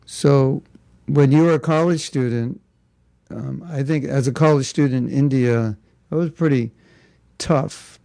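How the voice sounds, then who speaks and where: Male spiritual teacher, gravelly, casual lecturing with rhetorical asides. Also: mid-range voice, a little slow, warm tone, dry recording. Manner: conversational, rhetorical questions and joking asides. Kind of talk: informal spiritual class.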